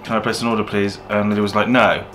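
A man's voice: on the low side, very fast, faint music behind. A man with an English West Country accent, a takeaway owner casually telling a story and swearing freely. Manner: swears freely, animated when retelling.

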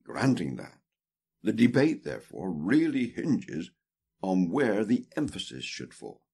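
Husky low-voiced man reading aloud. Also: huge pitch swings, a little slow, dark tone. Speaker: audiobook reader. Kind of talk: reading a theology book aloud.

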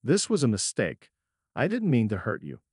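A man's voice: mid-range voice, wildly swooping pitch, moderate pace, darkish tone, husky, no room sound, studio quality. A man voicing a guilty, unfaithful wife who pleads desperately through her sobs. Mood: pleading.

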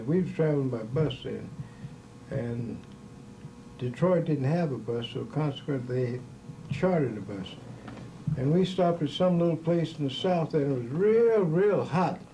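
An older former baseball player chuckles his way through folksy, rambling stories from his career during an interview. His voice is on the high side and warm, and the rough recording carries slight background noise.

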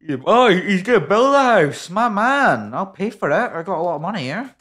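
A British man plays through a game on video and chats as he goes, bantering and joking. His voice swings hugely from low mutters up to loud, high yelps. Soft game music plays faintly underneath. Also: normal speed. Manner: excitable, jokey banter with sudden loud yelps. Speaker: gaming video creator. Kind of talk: playing a game and commenting.

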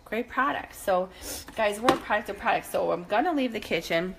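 A woman's voice: mid-range voice, expressive, brisk, vocal fry. A woman in her thirties giving a house tour while walking room to room, chatty and upbeat, a little out of breath, checking in with "okay?" and "guys" often. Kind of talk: casual product tour talking to camera.

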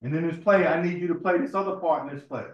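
A man's voice: a little high, fast, dull audio. A man giving an informal sermon at a temple meeting, telling personal stories in a conversational way, often repeating words and asking his listeners "right?". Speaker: speaker at a religious temple meeting. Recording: echoey room.

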